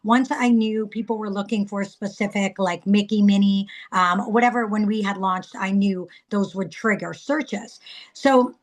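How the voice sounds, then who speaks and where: A woman in her thirties giving a casual, chatty sales training talk, telling stories with lively acted-out quotes. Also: medium pitch, unhurried.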